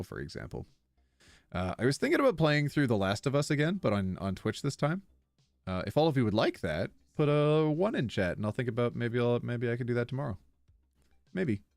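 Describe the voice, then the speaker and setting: A man's voice: lowish voice, very animated, fairly quick, vocal fry, darkish tone, no echo. A man streaming live, reading online posts aloud in a casual, giggly way and stumbling over words as he reacts.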